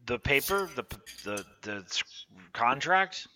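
Bright-voiced man running a tabletop game. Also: medium pitch, sing-song, measured pace. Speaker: game master.

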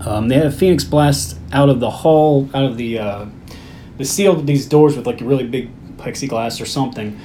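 A man's voice: mid-range voice, normal speed, dark tone. A man on a movie podcast retells scene after scene in easy, casual talk. He drops swear words without thinking about it. A faint hiss sits under the recording. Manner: recaps the plot, swears casually. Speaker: podcast co-host. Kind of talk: casual movie recap chat.

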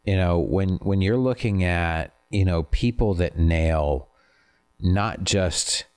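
A man in casual conversation, explaining his views in a thoughtful, measured, self-deprecating way. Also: low-pitched, darkish tone, clean tone. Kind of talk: casual chat.

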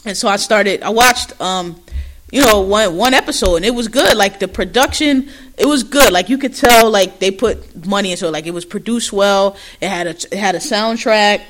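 A woman co-hosting a podcast, recapping a show in loud, laughing, profane gossip. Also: mid-range voice, moderate pace, slight background noise. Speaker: podcast co-host. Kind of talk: casual recap chat.

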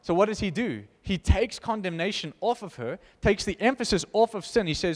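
A man preaching an informal sermon, reading scripture aloud and commenting with animated emphasis. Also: sits high, a little fast, hardly any pauses, long reverb tail. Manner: animated, emphatic, laughs between points.

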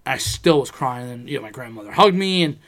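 A man's voice: mid-range voice, animated, quick pace, a bit bright. A young man in casual chat, telling a personal story with lots of swearing and acted-out quotes.

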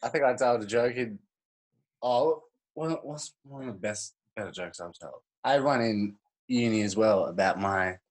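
A man's voice: lowish voice, normal speed. A young man chatting casually, rambling and losing his place while recalling jokes. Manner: rambling, loses track, laughs often. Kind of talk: casual chat.

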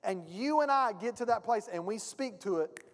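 Man, pastor, emphatic sermon, high-pitched, long church reverb. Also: animated, normal speed. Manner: preachy, emphatic, addresses the congregation directly. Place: church sanctuary.

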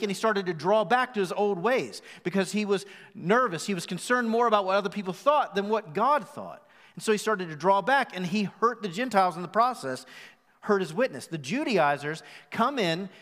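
High-voiced preacher in a reverberant hall. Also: male voice, fairly bright tone. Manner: emphatic, slows down for dramatic rhetorical questions. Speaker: pastor. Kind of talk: live sermon. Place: church hall. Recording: live sermon with long hall reverb.

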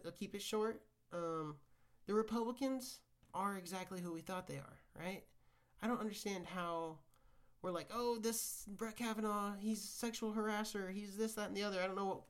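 A man's voice: high-pitched, fairly bright tone. A man ranting casually on his own show, rambling and profane, with frequent restarts. He swings between weary sighs and heated outbursts. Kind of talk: casual rant monologue.

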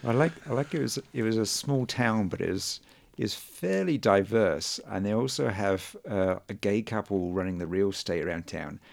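A man's voice: fairly low pitch, lively intonation, normal speed, creaky. A man from England, a podcast co-host chatting casually about films and hometown ghost stories. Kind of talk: casual chat.

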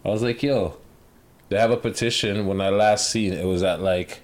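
A man chatting casually as a podcast co-host, slangy and animated, dropping into quick voices. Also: fairly low pitch. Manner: slangy, animated, does quick accent impressions. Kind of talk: casual chat.

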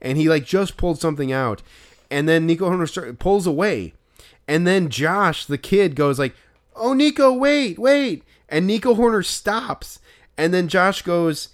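A man co-hosting a casual podcast, telling a story full of "like" and loudly acting out what people said. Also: a little high, smooth. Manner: animated retelling with loud acted-out quotes and filler "like". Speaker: podcast co-host.

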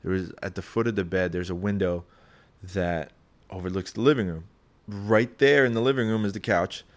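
A young man telling a personal story in a casual, rambling, profane way, getting animated as he retells it. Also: low voice, moderate pace.

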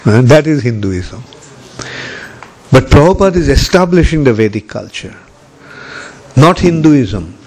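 Older man, spiritual lecturer, slow deliberate delivery, mid-pitched, frequent pauses. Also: big pitch swings, darkish tone, husky. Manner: slow, measured, many pauses and fillers. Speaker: spiritual teacher. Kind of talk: scripture lecture. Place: Ujjain, India.

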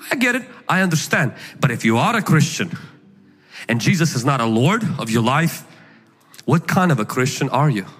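A male pastor preaching a sermon, emphatic and animated, at times shouting his points. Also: a little high. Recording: echoey hall with faint music.

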